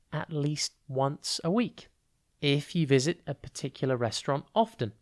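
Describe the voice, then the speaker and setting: A tutor giving a podcast vocabulary lesson, explaining clearly and deliberately, spelling words out letter by letter and stretching key words to show their stress. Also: mid-range voice.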